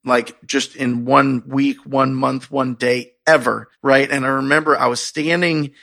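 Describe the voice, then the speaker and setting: A man telling a personal story in a casual, expressive way, acting out his own excited reactions. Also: medium pitch, unhurried, creaky. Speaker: real estate investor telling his story.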